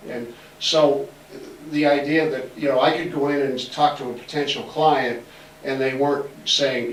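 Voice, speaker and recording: A man's voice: medium pitch, steady tone, a little slow, a little hiss or hum. A man in his sixties from Massachusetts, giving a folksy, joking storytelling talk in a library auditorium and acting out the voices of people he quotes. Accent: faint Massachusetts. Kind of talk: storytelling lecture. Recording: roomy hall, distant mic.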